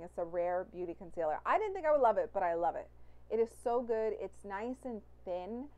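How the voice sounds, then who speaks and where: A woman's voice: mid-range voice, darkish tone. A young woman beauty vlogger talking through a makeup tutorial, chatty and gushing about products, full of "like". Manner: gushing, enthusiastic product talk; chatty with fillers like "like".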